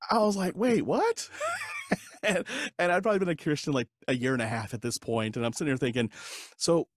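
A podcast guest in his forties talks at a racing clip in a medium-pitched voice, recorded in a clean studio with no room sound. He tells an animated story in casual interview style, acting out quoted dialogue and laughing often.

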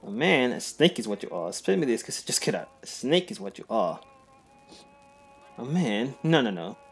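A man's voice: mid-range voice, very animated, normal speed, gravelly, faint music behind. A man voicing a flamboyant male adventurer, theatrical and flirtatious, who calls everyone darling. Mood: bitter.

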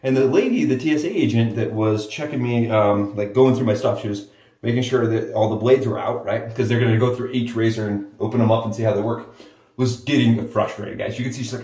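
A man's voice: medium pitch, animated, a little fast, warm tone. A man chatting enthusiastically to viewers while shaving his head, often calling them guys. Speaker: shaving vlogger. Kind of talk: casual chat to camera while head shaving. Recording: roomy echo, mic at a distance.

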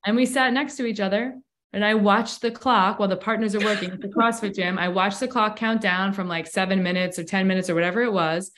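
A woman's voice: medium pitch, fairly even intonation, quick pace, fairly bright tone, slight background noise. A woman speaks as a podcast guest in a mid-range voice. She tells her story candidly and reflectively, and her talk is loose and conversational, peppered with "like.". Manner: candid, reflective, frequent "like" fillers. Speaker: breathwork coach and podcast guest.

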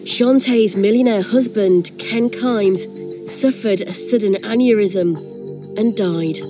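A woman reading scripted documentary narration in a measured, even delivery. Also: mid-range voice, over music.

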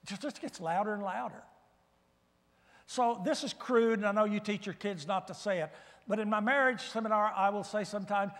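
A man preaching a guest sermon in a church, animated and swinging from loud bursts to hushed asides. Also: high-pitched, normal speed. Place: church sanctuary. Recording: reverberant church hall.

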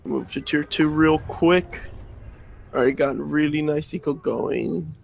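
A man's voice: on the high side, measured pace, vocal fry, slight background noise. A man playing a strategy game, chatting eagerly and asking how things work. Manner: laughing, excited about his plays. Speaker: player. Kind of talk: casual gaming chat.

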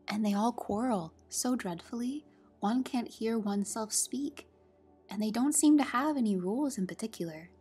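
A woman's voice: mid-range voice, expressive, normal speed, few pauses, mellow, husky, soft background music, voice pushed up. A woman voicing a polite, curious young girl who speaks timidly in a storybook reading. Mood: complaining. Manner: timid and polite, rising to eager.

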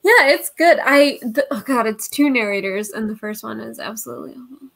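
A woman chatting casually over a video call as host of a live reading sprint, animated, swearing and laughing often. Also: a little high, brisk, gravelly. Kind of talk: casual chat.

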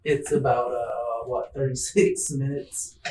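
A man's voice: mid-range voice, little pitch movement, slow, warm tone, roomy sound. Hesitant male podcast host. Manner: hesitant, indecisive. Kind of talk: casual chat. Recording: distant mic with faint background noise.

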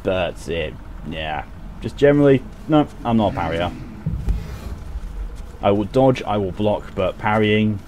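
Male gaming streamer, low voice, lively delivery, self-mocking, noisy background. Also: a little slow, long pauses. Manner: self-mocking, chatty, laughs at own mistakes. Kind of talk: casual gameplay commentary.

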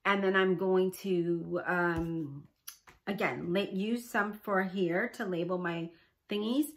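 A chatty middle-aged woman with a bright, clear voice, showing off her handmade crafts in a rambling, enthusiastic way. She talks at a relaxed middle pitch and fills her pauses with ums and you-knows. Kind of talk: casual chat.

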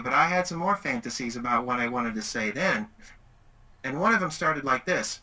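A man's voice: medium pitch, moderate pace, low-quality recording. A middle-aged man giving a webinar presentation, telling a story animatedly. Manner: animated, acts out quoted voices.

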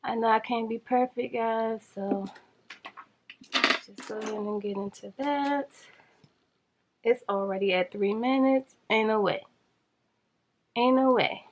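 Woman vlogger, slow drawling talk, a bit high, flustered while rushing. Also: a little hiss or hum, poor audio. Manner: flustered, rushing, talking to viewers. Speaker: beauty vlogger. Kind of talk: casual makeup challenge vlog.

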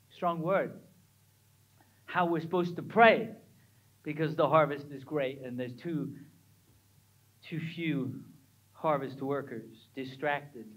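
High-pitched middle-aged guy preaching in church, keeps quizzing the crowd, big emphatic delivery. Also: a bit bright, rough recording. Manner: emphatic preaching, asks the congregation questions. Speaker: pastor. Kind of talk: sermon.

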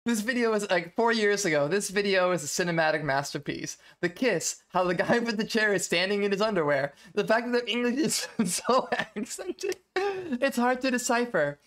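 A woman's voice: medium pitch, lively intonation, normal speed, hardly any pauses. A young woman streaming live, chatting casually and laughing often as she reacts to a video.

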